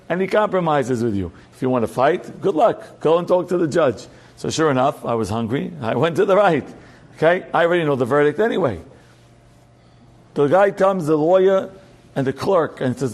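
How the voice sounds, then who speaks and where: A middle-aged rabbi teaches a Torah class through a personal story. His voice sits a little high for a man, and he swings between loud, emphatic high points and quiet, low asides. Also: animated, moderate pace.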